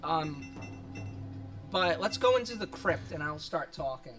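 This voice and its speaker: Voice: mid-range voice, expressive, unhurried, over music. A streamer chatting casually over a game, rambling, swearing often, laughing a lot and self-conscious about their voice. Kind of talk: casual gaming stream commentary.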